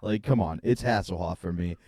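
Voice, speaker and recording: A man's voice: deep voice, brisk, darkish tone, no room sound, clean studio sound. A podcast host in a casual chat, joking and laughing along with his guest.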